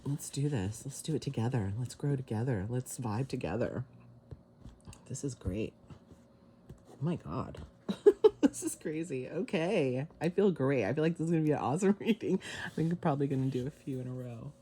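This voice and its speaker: A woman giving a casual tarot reading to camera, excited and emotional, with sighs. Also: a bass voice, fairly quick, slight background noise. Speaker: tarot reader. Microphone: camera mic.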